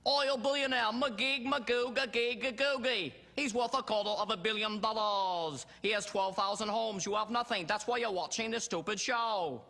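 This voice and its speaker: A man's voice: sits high, moderate pace, few pauses, sharp tone, pitched above the performer's own voice. A man impersonating a pompous male celebrity TV host, breathless and over-emphatic. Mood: gushing.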